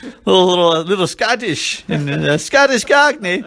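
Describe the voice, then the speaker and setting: A man's voice: high-pitched, very animated, moderate pace, gravelly, a bit bright, a little hiss or hum, pitched above the performer's own voice, exaggerated voice. A man putting on a jokey mixed Cockney and Scottish accent as a tipsy bloke, playing it silly and exaggerated. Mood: goofy. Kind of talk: casual chat.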